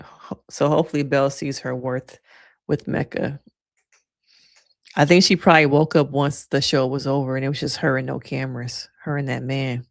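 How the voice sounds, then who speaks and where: A woman's voice: rumbling low, fairly even intonation, moderate pace, vocal fry, no room sound, clean studio sound. A woman giving casual, sassy reaction commentary on a reality show, laughing often and talking in a playful way.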